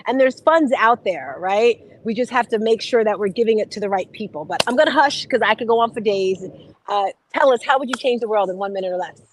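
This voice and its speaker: A woman hosting a morning motivation show, talking in a bubbly, exclamatory, rapid-fire way. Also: mid-range voice, slight background noise, low-quality recording. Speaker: host. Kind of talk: casual motivational chat.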